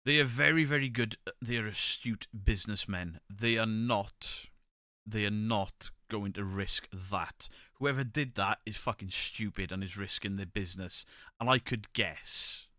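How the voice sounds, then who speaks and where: A man's voice: fairly low pitch, measured pace, sharp tone, no room sound, clean studio sound. A man hosting a casual live stream, reading viewer comments and giving blunt, opinionated takes with the odd swear. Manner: chatty, opinionated, swears freely. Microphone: desk microphone, pulled close.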